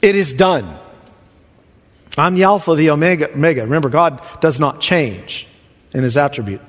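Male pastor, emphatic sermon delivery, soft-to-loud swings, slightly high voice, reverberant sanctuary. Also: expressive, moderate pace.

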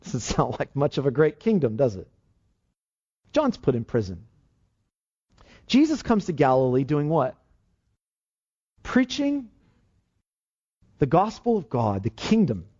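Lively preacher man, lo-fi recording. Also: medium pitch, moderate pace, pauses often. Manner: emphatic preaching with rhetorical questions. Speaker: pastor. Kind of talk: sermon. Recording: dull, lo-fi sermon recording.

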